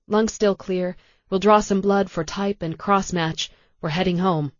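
A woman reading an audiobook voices a male paramedic, speaking in a brisk, practical way. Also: mid-range voice, fairly even intonation, no echo, lo-fi sound, lightly acted. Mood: businesslike.

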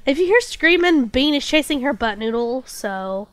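A woman's voice: sits high, lively intonation, moderate pace, a bit bright, no echo. A woman game streamer chatting casually and reading chat aloud, still getting over a cold with a slight cough and stuffy nose.

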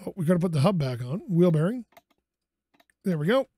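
A man talks through a game in a casual commentary voice, high and swinging widely in pitch. He mutters to himself and scolds the objects on screen, swinging between exasperation and soothing. The sound is dry and close. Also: very animated, fairly quick, mellow, breathy edge, no echo. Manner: mutters to himself, frustrated outbursts and self-soothing. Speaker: gaming YouTuber.

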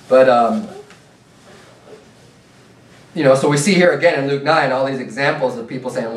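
A man's voice: medium pitch, moderate pace, pauses often. A man preaching a sermon as a pastor, earnest and plain-spoken, reading scripture aloud between his own points. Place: church sanctuary. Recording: echoey room, mic at a distance.

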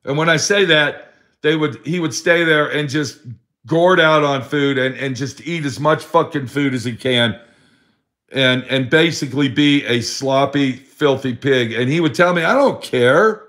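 A man's voice: medium pitch, unhurried, fairly bright tone. A middle-aged man telling a sad personal story in a rambling, profane way. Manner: profane, rambling, acts out his friend's voice in quotes. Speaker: vlogger telling a story about a friend.

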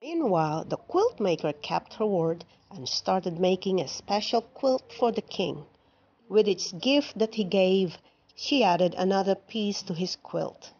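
Slow woman reading a picture book. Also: medium pitch, lively intonation, darkish tone, lo-fi sound. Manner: slow, clear storytelling. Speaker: storybook reader. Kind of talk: children's read-aloud narration. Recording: music playing behind.

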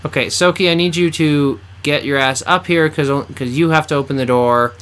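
A man's voice: a little high, a little fast, fairly bright tone. A man giving blunt, teasing commentary while playing through a video game with a friend. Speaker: game co-host. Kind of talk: let's play commentary.

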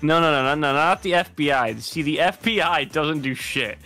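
A man's voice: on the high side, normal speed, sharp tone, faint music behind. Joking man chatting on a stream. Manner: joking, laughs often, tries silly accents. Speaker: co-host designing a character. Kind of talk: casual banter on a stream.

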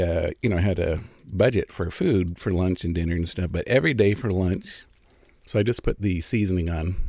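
A middle-aged man chats casually through an eating vlog, pausing to savor each bite. His voice sits a little low. The sound is dry and close, as if the mic is right beside him. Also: darkish tone, no echo. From California. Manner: chatty, savoring food between remarks. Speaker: food vlogger.

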